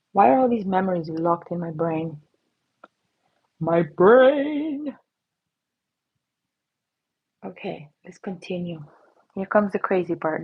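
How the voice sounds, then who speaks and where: A middle-aged woman chats playfully on a livestream while she paints, unhurried and a little breathy. She slips into silly voices and whispers. The stream audio sounds dull and lo-fi. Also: medium pitch. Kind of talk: casual live-stream chat while painting. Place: at her painting desk.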